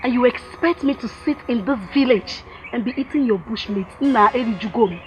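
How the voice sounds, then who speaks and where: An actress with a Nigerian English accent playing a fed-up young wife who scornfully complains about poverty and craves wealth. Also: female voice, fairly high pitch, fairly quick, lo-fi sound, a little hiss or hum, close to an everyday voice. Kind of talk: film drama acting.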